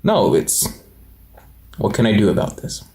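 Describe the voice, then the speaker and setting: A man's voice: on the low side, wildly swooping pitch, a little slow, warm tone, reverberant. A man in his twenties talking earnestly in a personal vlog, rambling with many fillers and restarts. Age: 20s. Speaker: motivational channel host.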